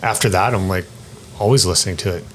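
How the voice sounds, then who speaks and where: A man co-hosting a casual music roundtable, telling rambling stories and getting animated when he quotes himself. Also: deep voice, fast, slight background noise. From Canada. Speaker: roundtable co-host. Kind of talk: casual chat.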